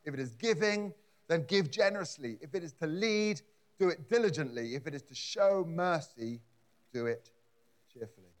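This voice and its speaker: A man's voice: on the high side, animated, moderate pace. A man preaching a conversational sermon in a church, often repeating words and adding asides. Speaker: pastor.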